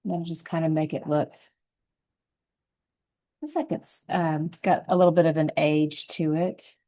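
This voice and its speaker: A woman with a lowish, warm voice talks through a painting lesson step by step. She sounds relaxed and encouraging, and she thinks aloud about each brushstroke as she works. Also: a little slow, poor audio. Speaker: painting instructor.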